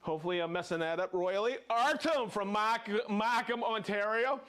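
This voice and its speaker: A man hosting a live product show, reading out viewer shout-outs with exuberant, playful energy, whooping and joking between names. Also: high-pitched, normal speed, smooth.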